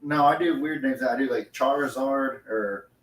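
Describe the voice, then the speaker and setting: A man's voice: mid-range voice, moderate pace, recorded from a distance. A man joining a casual livestream chat beside the host, with dry, jokey asides. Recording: roomy sound from off-mic.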